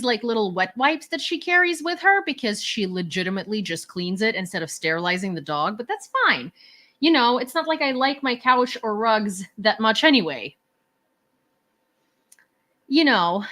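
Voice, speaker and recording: A woman's voice: on the high side, lively intonation, a little slow, a bit bright. A woman from Ukraine hosting a casual livestream, chatting with viewers in an ironic, rambling way with many fillers and restarts, at home indoors. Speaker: livestream host.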